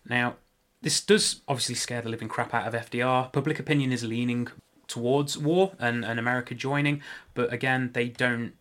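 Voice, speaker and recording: A man's voice: medium pitch, fairly even intonation, a little fast, few pauses, a bit bright. A man hosting a casual history podcast, talking loosely with joking asides and frequent self-corrections. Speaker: podcast host.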